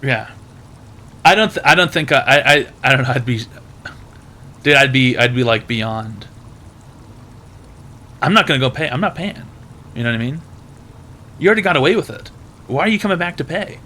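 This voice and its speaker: Bright-voiced man telling a rambling story. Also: mid-range voice, expressive, normal speed, long pauses, slight background noise. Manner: rambling, profane, heavy filler words. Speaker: advice stream host. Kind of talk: casual storytelling.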